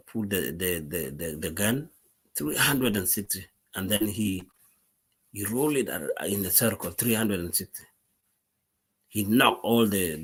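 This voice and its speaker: This middle-aged man from South Sudan has a deep, fairly bright voice with a breathy edge and a South Sudanese accent. As a war veteran going live on social media to his followers, he talks earnestly and with emphasis, repeating words and starting sentences over often.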